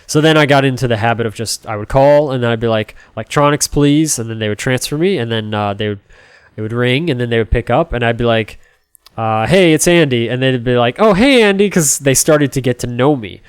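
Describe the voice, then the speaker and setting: A man's voice: medium pitch, fairly quick, smooth, no echo. A man in his thirties, a game streamer, telling a casual story that rambles with plenty of "you know" and "like". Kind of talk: casual storytelling while playing.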